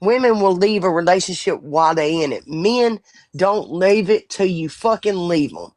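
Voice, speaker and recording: A woman's voice: on the low side, expressive, moderate pace, a little mellow, dry recording. A woman in her forties chatting bluntly and profanely on a live stream. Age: 40s. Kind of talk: casual live stream chat.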